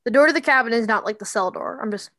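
A woman narrating a tabletop game as game master, in a casual, halting way with many fillers. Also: fairly high pitch, fairly bright tone, no echo.

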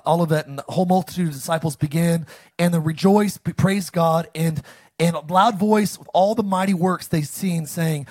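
High-voiced, animated man preaching. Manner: call-and-response, animated with sudden loud lines. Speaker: pastor. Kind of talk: sermon.

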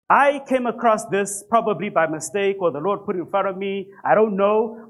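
A pastor preaching a sermon to a church congregation, emphatic, with rhetorical questions and conversational, self-deprecating asides. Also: male voice, high-pitched.

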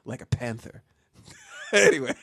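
A man from Jersey City telling a funny childhood story on a podcast, animated and laughing often. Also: medium pitch, slow, gravelly, breathy edge, no echo. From Jersey City, New Jersey. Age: adult with child. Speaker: podcast co-host. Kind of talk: casual comedic storytelling. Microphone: studio mic.

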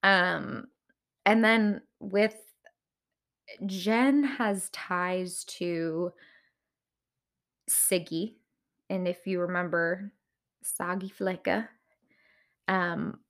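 A woman's voice: fairly low pitch, steady tone, drawn-out words, creaky, pauses often. A woman hosting a podcast, giving blunt, opinionated commentary on reality TV and often laughing at herself. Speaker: podcast host.

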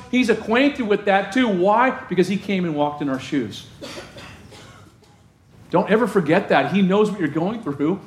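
Male pastor, sermon delivery, emphatic with repetition; slightly high pitch. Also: reverberant. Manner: emphatic, repeats phrases for effect.

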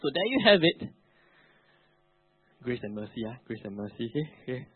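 A man's voice: mid-range voice, big pitch swings, normal speed, breathy edge. A male pastor preaching a sermon, emphatic with colloquial asides. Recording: narrow phone-like, dry.

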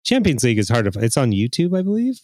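A man's voice: mid-range voice, sing-song, very fast, a little mellow, dry recording. A man co-hosting a podcast, chatting casually about football with frequent fillers and restarts. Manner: chatty, hesitant with many fillers. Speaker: podcast co-host. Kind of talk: casual sports chat.

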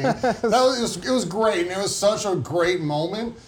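A man co-hosting a gaming podcast, telling stories with energy and chiming in with quick agreement. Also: on the high side, slight background noise. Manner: animated storyteller, quick to agree. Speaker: podcast co-host. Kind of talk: casual chat.

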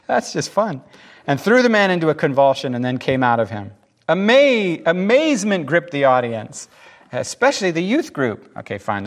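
A male pastor gives a relaxed, humorous sermon. His voice sits a little high and leaps around with lively emphasis, and he acts out the lines of the people in the scripture he reads. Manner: animated, jokey, acts out voices. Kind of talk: casual sermon teaching.

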